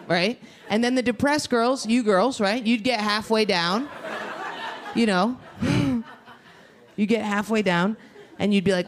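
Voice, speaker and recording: Unhurried, with a medium-pitched voice, a young woman does a brash, crude stand-up set and works the crowd at a club. The noisy live recording picks up audience laughter and some chatter behind her.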